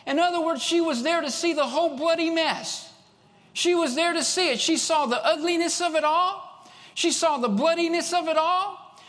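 Man preaching, high-pitched and fervent, repeats for emphasis, hall reverb. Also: normal speed. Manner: fervent, repeats lines for emphasis, rises to shouts. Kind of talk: sermon.

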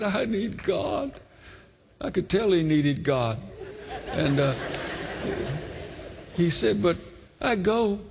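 An older man from Brooklyn with a New York accent, preaching a sermon and telling a story, fervent and at times shouting. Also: on the high side. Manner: fervent, rising to shouts in exhortation. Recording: long hall reverb.

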